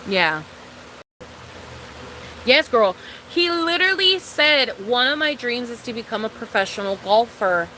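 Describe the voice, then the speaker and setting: A woman's voice: on the high side, expressive, measured pace, long pauses, sharp tone, slight background noise, rough recording. A young woman streaming a casual, rambling, profane chat with her viewers, calling them girl.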